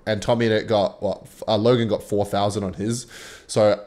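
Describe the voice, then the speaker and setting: Animated young Australian man ranting. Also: fairly low pitch, moderate pace. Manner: animated, chuckling, casual swearing. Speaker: host. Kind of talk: casual commentary on online drama.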